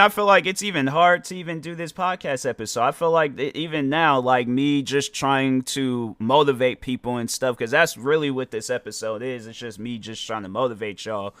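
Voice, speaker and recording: A man's voice: medium pitch, moderate pace, few pauses, a bit bright, no echo. A tired young man hosting his own podcast, talking casually and rambling, often stumbling over his words. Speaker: podcast host. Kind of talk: casual solo podcast monologue.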